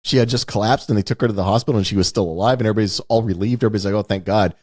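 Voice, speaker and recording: A man's voice: lowish voice, rapid-fire. A man co-hosting a podcast in casual chat, telling stories and acting out the voices of the people he quotes. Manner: animated storyteller, acts out quotes. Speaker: podcast co-host.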